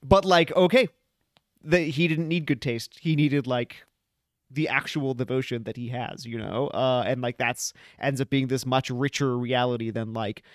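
A man's voice: medium pitch, steady tone, moderate pace, dry recording, clean studio sound. A man co-hosting a podcast in casual chat, hesitant and searching for words. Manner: hesitant, lots of fillers and restarts. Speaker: podcast co-host.

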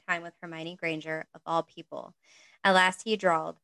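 A woman's voice: lowish voice, normal speed, a bit bright, no room sound, low-quality recording. A woman reading a story aloud in a casual way, breaking off now and then for chatty asides of her own. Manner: reads narration with chatty asides and laughs. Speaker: reader.

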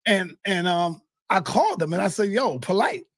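A man telling a heated, profane story in casual talk, often shouting. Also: high-pitched, very animated, moderate pace, no room sound, clean studio sound. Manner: swears a lot, heated. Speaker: guest. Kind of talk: animated storytelling.

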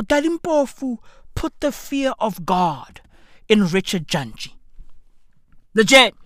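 A woman giving profane comedic reaction commentary, excitable and swearing, repeating her phrases for effect. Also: a little high, no echo, studio quality.

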